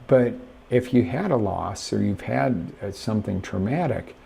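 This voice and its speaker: Gravelly, animated male life coach. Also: on the low side, moderate pace. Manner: animated, emphatic, talks straight to viewers. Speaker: life coach hosting a live show. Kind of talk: motivational live-stream talk.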